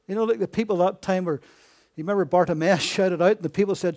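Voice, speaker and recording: A man preaching a sermon, asking his listeners rhetorical questions and swinging between hushed and emphatic delivery. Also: high-pitched, fast, hardly any pauses.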